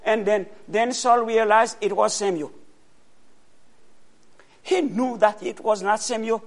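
A man preaching a sermon, asking the congregation questions and answering them himself, with loud bursts of emphasis. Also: sits high, takes it slowly.

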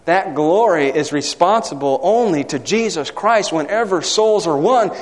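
A man's voice: a little high, animated, a little slow. A man preaching a sermon, asking the congregation questions and reading scripture aloud. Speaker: pastor. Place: church. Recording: church hall with long reverb.

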